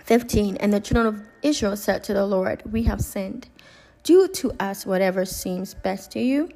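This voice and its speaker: A woman's voice: medium pitch, normal speed, vocal fry, warm tone, soft background music. A woman teaching a Bible study, reading scripture and paraphrasing it expressively in casual speech.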